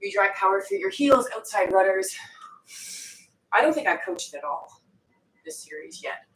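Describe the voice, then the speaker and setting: The recording, echoey and faintly noisy with the mic far off, features a woman fitness coach working out live. She speaks at normal speed in a mid-range voice with lively intonation, panting while she cracks profane jokes.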